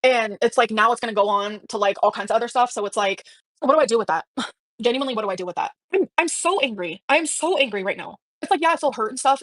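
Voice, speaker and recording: Young woman ranting on her livestream, talks super fast, swears a lot, dry close mic. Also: on the high side, dry recording. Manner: fast, emotional, swearing, lots of likes and restarts. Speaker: live streamer. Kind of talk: emotional live stream rant.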